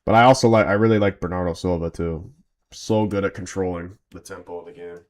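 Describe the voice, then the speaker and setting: Male fan streamer, tired, casual chat plus play-by-play calls, slangy and relaxed. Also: sits low, brisk. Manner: loose, chatty, slangy. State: tired from little sleep. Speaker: fan watch-along streamer.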